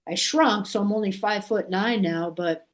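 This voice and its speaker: A woman's voice: mid-range voice, normal speed. A woman from Massachusetts, a podcast guest, telling a story in a loose, rambling way, full of fillers and restarts, and acting out what others said. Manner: acts out quoted voices animatedly. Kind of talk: casual storytelling.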